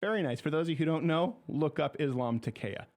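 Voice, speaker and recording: A man's voice: fairly high pitch, quick pace. A man hosting a political talk show, giving opinionated commentary in a sarcastic, mocking way. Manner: sarcastic, mocking, animated delivery.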